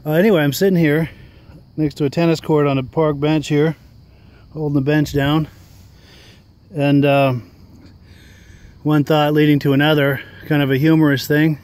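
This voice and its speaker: A man's voice: on the high side, flat delivery, moderate pace, long pauses, a little mellow. A man talking casually in a rambling, chuckling monologue while sitting outdoors on a park bench. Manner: rambling, chuckling, filler-laden. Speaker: vlogger.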